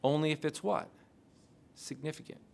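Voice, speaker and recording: A man lecturing a class, quizzing the audience with rapid questions. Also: fairly high pitch, creaky. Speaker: lecturer on intelligence oversight.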